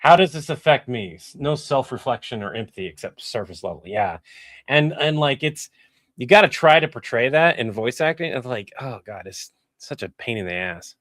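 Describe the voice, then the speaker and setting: A man's voice: mid-range voice, animated, normal speed, a bit bright, no room sound. Rambling, self-critical man on a live stream. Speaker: voice actor and video editor. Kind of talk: casual live-stream chat while editing.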